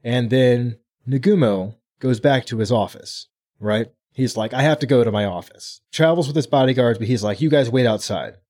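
Man, podcast co-host, casual chat, animated storyteller, average pitch. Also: moderate pace. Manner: animated retelling, acting out lines. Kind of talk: casual book-club chat.

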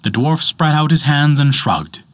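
A male storyteller reading a myth with dramatic expression, his voice rising and falling in lively arcs. The recording is close and dry, with no room echo. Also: fairly high pitch, measured pace. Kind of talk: storybook narration.

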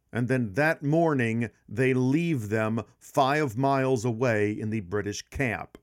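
A man hosting a history podcast, telling a battle story with emphatic pauses and slowed-down stress on key points. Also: mid-range voice, darkish tone.

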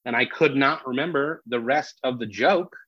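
A man, a comedian, telling a story in casual podcast chat, animated and full of restarts. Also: mid-range voice, moderate pace, husky, no echo. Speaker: comedian guest. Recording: dull lo-fi dry sound.

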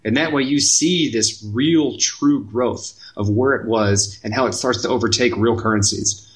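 A man in casual podcast banter, talking through his opinions in a rambling, offhand way. His voice sits at a middling pitch. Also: moderate pace. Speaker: podcast co-host.

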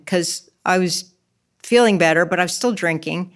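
A middle-aged woman with a somewhat low voice shares her personal testimony in an interview. She talks candidly and with emotion, often slipping into the words she said at the time. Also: normal speed. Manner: emotional, acts out her own past words. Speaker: guest telling her testimony. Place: church.

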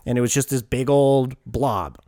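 A man's voice: mid-range voice, moderate pace, mellow, no echo, clean studio sound. A young American man co-hosting a podcast, telling a story in casual chat and swearing often. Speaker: podcast co-host.

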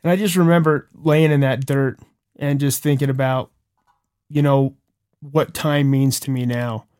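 A young man co-hosting a podcast, telling a personal story in casual chat, earnest and animated with chuckles and restarts. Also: medium pitch, unhurried. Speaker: podcast co-host.

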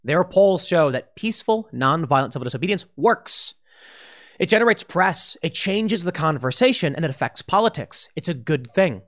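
A man's voice: fairly high pitch, normal speed. A man giving opinion commentary, talking emphatically and acting out quoted remarks in a raised voice. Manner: animated, emphatic, with restarts and quoted asides. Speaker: political commentator.

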